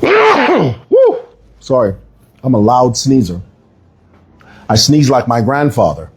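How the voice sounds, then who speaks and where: A man giving casual political commentary, emphatic and animated, telling stories with frequent asides. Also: mid-range voice, measured pace, a little hiss or hum. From Zambia.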